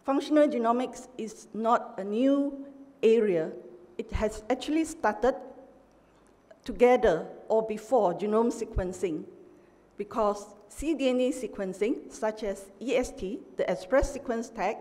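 A middle-aged woman professor giving an academic lecture, measured and emphatic, pausing often with "uh". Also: fairly high pitch, mellow. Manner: measured, emphatic, with frequent "uh" pauses. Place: large university lecture hall. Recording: long hall reverb.

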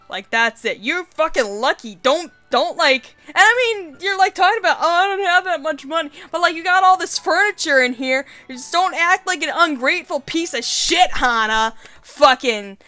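A woman's voice: high-pitched, sharp tone, no echo. A woman hosting a let's play, reading a dating game aloud with casual, giggly commentary and swearing.

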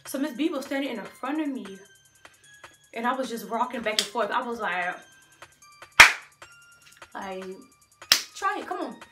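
A young woman vlogger telling a storytime tale in an animated, slangy way, talking straight to her viewers. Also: a little high, measured pace, long pauses, roomy sound, loud music behind the voice. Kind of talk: storytime vlog.

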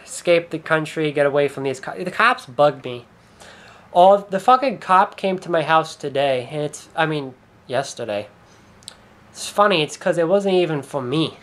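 A man's voice: a little high, expressive, normal speed, a bit bright. A young man talking through a rambling vlog monologue, hesitant and swearing often, trailing off and restarting his sentences. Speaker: YouTuber.

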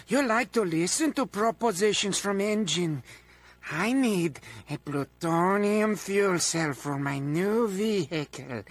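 An actor voicing a manic, melodramatic male mad-scientist henchman in a video game, with a raspy, theatrical delivery that swings between wheedling and raging. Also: dry recording, full character voice. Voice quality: raspy, high-strung, theatrical. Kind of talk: video game character voice acting.

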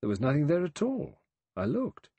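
A man's voice: on the high side, wildly swooping pitch, normal speed, warm tone, slightly rough, no echo, highs cut off, pitched above the performer's own voice, exaggerated voice. A man voicing an anxious male doctor who speaks carefully and insistently.

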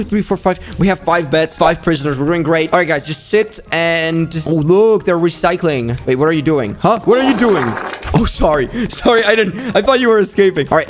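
A man hosting a playful game commentary video, acting as a bossy prison cop and jumping into high yelps when he panics. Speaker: gaming video host. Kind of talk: playful let's-play commentary.

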